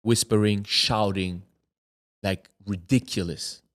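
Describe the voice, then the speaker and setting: A man's voice: lowish voice, fairly even intonation, slow pace. A man from Germany, a former footballer, tells a personal story as an interview guest. He acts out other people's voices and drops to a near whisper at the tense moments. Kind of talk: candid storytelling in a sit-down interview.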